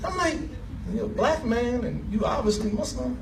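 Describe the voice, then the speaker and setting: A man giving an animated, emotional personal story as a speaker at an event, laughing as he talks. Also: very high voice, normal speed, creaky, far from the mic, noisy background. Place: event hall.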